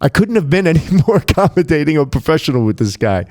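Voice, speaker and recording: Male club DJ, podcast guest: casual, swears a lot, animated storyteller. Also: on the high side, quick pace. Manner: profane, animated anecdotes with quoted dialogue.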